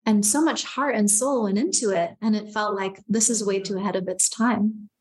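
A woman's voice: medium pitch, moderate pace. A woman, a podcast guest, talking candidly in casual conversation, with lots of "like" fillers. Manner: candid, animated, frequent "like" fillers.

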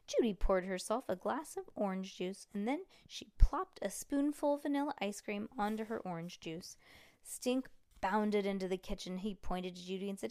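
A woman's voice: mid-range voice, normal speed, darkish tone, no room sound, studio quality. A woman reading a chapter book aloud to her child at home, breaking off for playful, chatty asides.

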